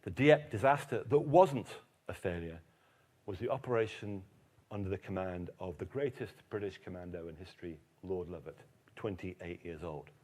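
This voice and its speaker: A man giving a lively public lecture on history, telling stories emphatically. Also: low-pitched, moderate pace. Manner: animated storyteller, emphatic. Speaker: keynote speaker, historian.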